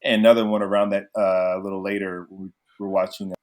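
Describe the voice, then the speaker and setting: A man's voice: sits low, little pitch movement, fast. A man co-hosting a podcast in casual chat, reflective and steering the conversation. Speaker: podcast co-host.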